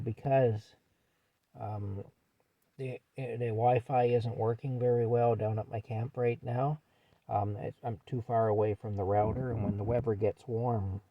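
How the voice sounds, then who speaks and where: A man's voice: medium pitch, warm tone, slight background noise, poor audio. A man vlogging from his truck, telling a story in a casual, rambling way and filling gaps with "anyway". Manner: rambling, repeats "anyway" often.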